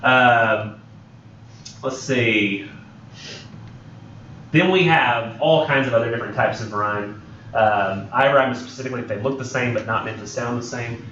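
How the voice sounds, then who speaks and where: A man's voice: medium pitch, moderate pace, bright, forceful tone, a little hiss or hum. Rambling man lecturing in a roomy classroom. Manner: rambling, joking, many ums and self-corrections. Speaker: college English instructor. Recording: roomy, distant, dull lo-fi classroom recording.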